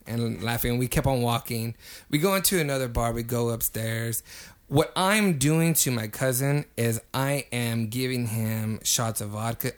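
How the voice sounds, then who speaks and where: A young man telling a story in casual podcast chat, animated, swearing freely and getting loud when acting out quotes. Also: medium pitch. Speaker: podcast co-host.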